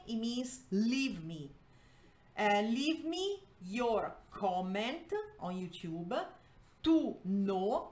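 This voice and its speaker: A native Spanish-speaking woman teaching an online Spanish lesson, explaining slowly in English with many fillers and restarts. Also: mid-range voice. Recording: echoey room.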